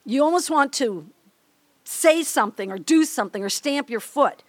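A woman's voice: high-pitched, expressive, moderate pace, dry recording. An older woman from Minnesota, giving a chatty, candid devotional talk to a women's group, laughing often and acting out little everyday scenes. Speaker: women's ministry speaker.

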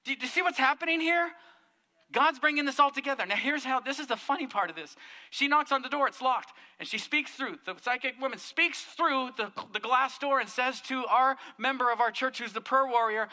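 A male pastor preaching a sermon, telling a story in an animated, emphatic way. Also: extremely high pitch, brisk, big-room sound.

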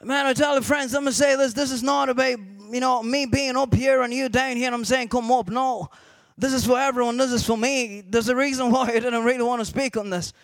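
High-pitched gravelly man preaching a sermon. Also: steady tone, a little fast, dry recording. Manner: repeats "amen" often, rising to shouted emphasis.

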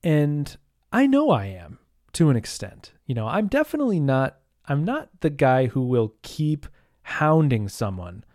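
A man hosts his own podcast in a loose, rambling monologue. He keeps breaking off mid-sentence, leans on fillers and throws in mild curses. His voice sits at an ordinary pitch and sounds dry and close, with no room echo. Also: sing-song, unhurried, a little mellow. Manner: rambling, self-interrupting, full of fillers and mild swearing. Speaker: podcast host. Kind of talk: casual solo podcast monologue.

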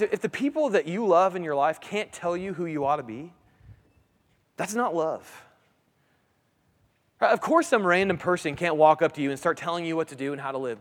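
Man preaching in a reverberant hall. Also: high-pitched. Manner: conversational preaching, frequent self-restarts, asks listeners "right?". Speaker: pastor. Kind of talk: sermon.

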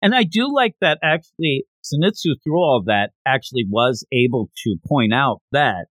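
A man hosting a podcast, recapping a comic in an animated, rambling casual chat. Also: mid-range voice, normal speed, no echo. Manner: animated, rambling retelling with lots of fillers. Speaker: podcast host.

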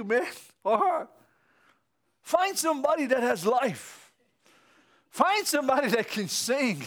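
High-voiced preacher laughing through his sermon. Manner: laughing often, swinging from low storytelling to loud shouting exhortation.

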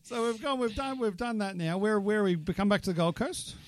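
A man's voice: high-pitched, lively intonation, moderate pace, noisy background. A man hosting a casual interview, asking short, teasing prompting questions. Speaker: podcast host.

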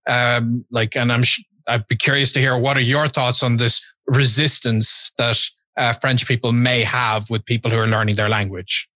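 Bright-voiced man, hesitant questioner. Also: medium pitch, flat delivery, moderate pace, dry recording. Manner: hesitant, many fillers, curious questioner. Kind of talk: casual podcast conversation.

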